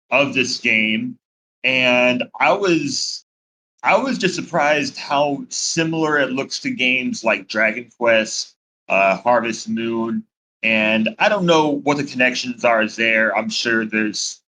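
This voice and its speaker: Man, podcast co-host, enthusiastic, stumbling repeats, slow, bright tone. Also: medium pitch, rough recording. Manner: hesitant, repeats words, enthusiastic. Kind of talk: casual chat.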